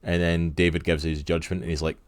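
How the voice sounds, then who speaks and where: Scottish male co-host, very low voice, earnest and rambling, dry close sound. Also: flat delivery, a little fast, no room sound. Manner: earnest, rambling with many fillers. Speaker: podcast co-host. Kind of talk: casual interview chat.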